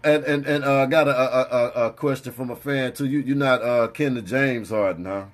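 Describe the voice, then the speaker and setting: A man's voice: medium pitch, normal speed. A man hosting a casual interview, easygoing, often restarting his words and tagging "man" onto them. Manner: stammering restarts, easygoing, says "man" a lot. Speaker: podcast host.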